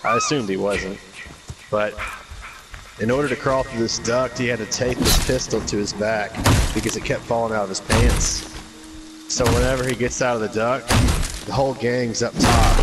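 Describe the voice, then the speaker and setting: A man's voice: lowish voice, fairly even intonation, normal speed. A man streaming a game, chatting casually in a rambling, profane storytelling way. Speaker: gaming streamer. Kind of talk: casual chat while gaming. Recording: voice over loud game music.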